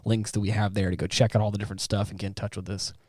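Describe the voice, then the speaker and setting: Podcast co-host, male, lower voice, chatty and halting, dry studio sound. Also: flat delivery, a little mellow, no echo. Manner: rambling, halting, laughs often. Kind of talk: casual chat.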